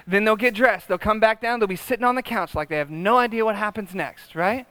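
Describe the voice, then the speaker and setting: Middle-aged male pastor, high bright voice, dry close sound, chatty and humorous preaching. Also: fairly quick, smooth, no room sound. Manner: conversational, tag questions, humorous asides. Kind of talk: sermon.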